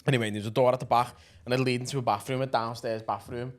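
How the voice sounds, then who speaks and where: A man's voice: medium pitch, fairly even intonation, racing. A man, co-hosting a podcast, telling stories in casual chat, swearing freely and laughing through them. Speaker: podcast co-host.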